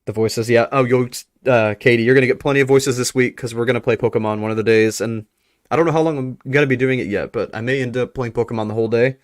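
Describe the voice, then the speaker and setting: A man's voice: medium pitch, fairly even intonation, fast talker, no echo, clean studio sound. A man streaming live, chatting with his viewers and reading aloud as he goes. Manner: chatty, reads aloud, talks to chat.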